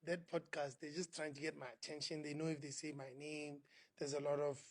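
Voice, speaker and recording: A South African man, a podcast guest, telling an animated story and acting out other people's lines. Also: fairly high pitch, brisk, no echo. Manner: acts out other people's voices, laughing while telling. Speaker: interview guest.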